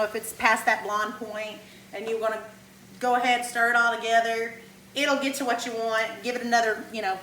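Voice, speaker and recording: A woman's voice: on the high side, pushed and bright, echoey room, a little hiss or hum, rough recording. A woman hosting a casual home cooking demonstration, chatty and enthusiastic, talking to viewers as y'all. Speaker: home cooking show host. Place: home kitchen.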